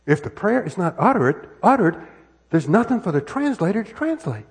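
A high-pitched American man preaches in a church through a worn microphone, his voice husky. His delivery swings widely in pitch as he asks the congregation question after question and circles back over his own phrases. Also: very animated, moderate pace. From United States. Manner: conversational preaching with frequent rhetorical questions and repetitions. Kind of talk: sermon. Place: church sanctuary. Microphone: wireless microphone worn on body.

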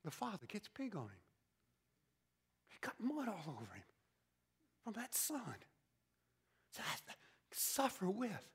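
Preacher, sermon, slow and theatrical, loud-to-whisper swings. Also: mid-range voice, huge pitch swings, breathy edge. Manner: dramatic storytelling, swinging from loud exclamations to hushed whispers.

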